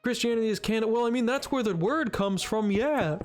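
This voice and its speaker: A young man live-streams a building game, rambling casually to his chat and joking at his own expense. His voice is extremely high-pitched and brisk, with faint music playing behind him.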